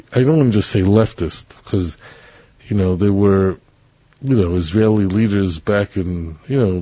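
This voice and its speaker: A man with a slightly husky voice delivers a blunt, emphatic monologue, hammering the same points again and again. The recording is dry and close, with a dull, lo-fi sound. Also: lowish voice, no echo. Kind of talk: opinionated monologue.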